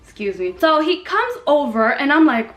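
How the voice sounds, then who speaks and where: A young woman from Kenya telling a story in a casual, animated, slangy and self-mocking way. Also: high voice, normal speed. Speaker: vlogger. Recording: echoey room with faint music.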